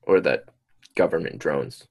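A young man casually reading odd news stories aloud to a friend, playful, with dramatic pauses and goofy wordplay. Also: a bass voice, vocal fry, breathy edge.

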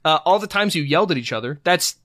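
Man, podcast host, casual chat, bright forceful voice, dry close sound, cursing a lot. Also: on the high side, animated, fast, dry recording. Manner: swearing, frustrated rambling.

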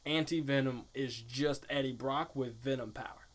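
A man's voice: medium pitch, fairly even intonation, moderate pace. A man chatting casually on a podcast, laughing often and talking in slangy bursts. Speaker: podcast guest. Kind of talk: casual chat.

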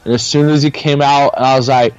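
A man's voice: mid-range voice, fairly even intonation, a little fast, clean tone, no room sound. A male co-host jokes and teases in crude, casual banter. His voice comes through slightly dull and muffled. Faint music sits behind him. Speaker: podcast co-host. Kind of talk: casual chat.

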